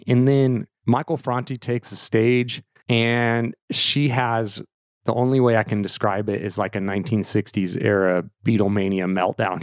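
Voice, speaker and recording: A man's voice: fairly low pitch, fairly even intonation, a little slow, dry recording, studio quality. A man in his thirties hosting a podcast, telling a personal family story in an earnest, emotional way, full of casual fillers. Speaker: podcast host.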